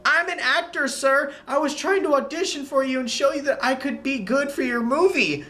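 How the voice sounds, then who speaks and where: A man's voice: very high voice, moderate pace, sharp tone, voice pushed up. A man voicing a theatrical young actress explaining herself in a breathless, pleading way. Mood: earnest.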